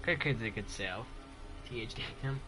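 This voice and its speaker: A man streaming a video game live, chatting casually and excitedly with his viewers and cheering himself on. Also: mid-range voice, a little slow, faint music behind. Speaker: gaming streamer.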